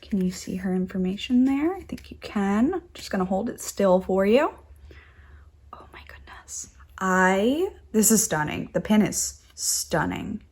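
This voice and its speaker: Slow-talking woman knitting podcaster. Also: medium pitch, big pitch swings, darkish tone, slightly rough. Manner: chatty, gushing over cute crafts. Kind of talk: casual show-and-tell chat.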